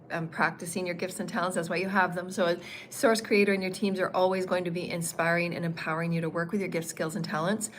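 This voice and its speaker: A woman with a fairly low voice, giving a livestreamed spiritual teaching. She meanders and repeats herself, filling pauses with ums. A faint hum of noise sits behind her voice. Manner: meandering, repetitive phrasing with frequent ums.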